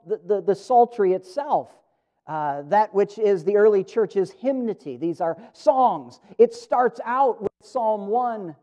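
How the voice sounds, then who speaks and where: A man pastor preaching a sermon in a church, earnest and emphatic, swinging between loud emphasis and a quiet hush. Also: high-pitched. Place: church sanctuary. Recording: dull lo-fi church recording.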